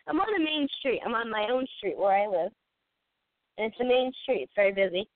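A woman in her thirties co-hosts a podcast, telling a rambling story and laughing often in a casual chat. Her voice is a little high and expressive at a moderate pace. The recording is dry, with a tinny, phone-like sound.

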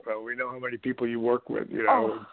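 A man's voice: medium pitch, fast talker, gravelly. A middle-aged man hosting a radio show, chatting in a casual motivational way, full of fillers, acting out quotes as he tells stories. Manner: animated storyteller, acts out quotes, many fillers. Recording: tinny phone line.

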